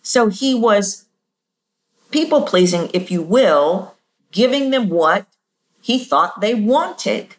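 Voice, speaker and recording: A middle-aged woman hosting a podcast, coaching on voice in a casual teaching monologue and jumping her pitch to act out examples. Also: animated, slow.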